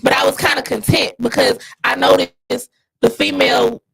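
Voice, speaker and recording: Gravelly, husky woman telling a blunt story. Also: high-pitched, moderate pace, low-quality recording. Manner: blunt, animated, profane. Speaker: podcast co-host and dog breeder. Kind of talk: casual storytelling.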